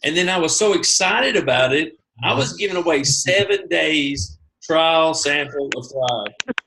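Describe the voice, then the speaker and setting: A man telling his own story on a video call, animated and poking fun at himself. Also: fairly high pitch, unhurried. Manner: animated, self-mocking, acts out his own reactions. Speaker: guest sharing his sales story.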